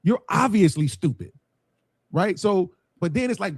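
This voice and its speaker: A man's voice: on the high side, lively intonation, moderate pace, dry recording. A man who runs a panel show, talking bluntly with heavy swearing and acting out what people said. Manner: blunt, profane, acts out quotes. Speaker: panel host. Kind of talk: casual panel talk.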